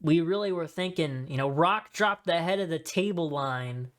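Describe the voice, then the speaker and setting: A man hosting a podcast in a casual solo chat, talking in an excitable, rambling way with many asides. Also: a little high, normal speed. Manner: excitable, rambling fan talk with frequent fillers and asides. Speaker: wrestling podcast host.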